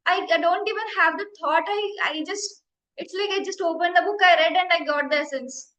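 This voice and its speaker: A woman's voice: very high voice, a little fast, a bit bright, highs cut off, a little hiss or hum. A young woman from India with an Indian accent, whose first language is Telugu, telling a heartfelt personal story as a meditation teacher. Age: young adult. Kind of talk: personal testimony talk. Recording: roomy echo.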